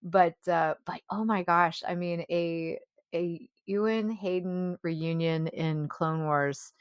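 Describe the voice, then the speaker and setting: A woman's voice: fairly low pitch, takes it slowly, clear, resonant tone, dry recording, highs cut off. A woman co-hosting a fan podcast, chatting cheerfully and gushing. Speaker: podcast co-host. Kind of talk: casual chat.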